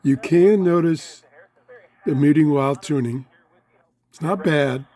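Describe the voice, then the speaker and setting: Fiddling with a small radio in his electronics-filled home office, a chatty, easily excited reviewer gives a casual hands-on review. His voice sits on the high side and moves a little slowly, and it's going hoarse, with throat-clearing as he loses it.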